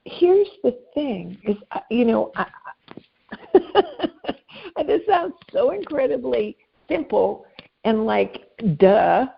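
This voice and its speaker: A woman life coach talking in a casual interview, animated and self-deprecating, often restarting her sentences. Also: a little high, slow, gravelly, long pauses, muffled recording, slight background noise.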